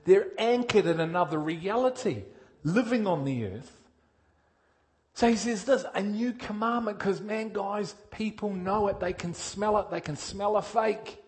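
A male preacher with a fairly high voice, delivering a sermon with energy. He questions his congregation directly and swings from loud, pushed emphasis to quiet intensity. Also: a little slow.

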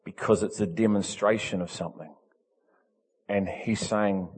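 A male pastor, preaching in an animated, emphatic way that swings from loud to soft. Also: fairly low pitch, a little slow, long pauses, slightly rough, in a large hall. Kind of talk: storytelling sermon.

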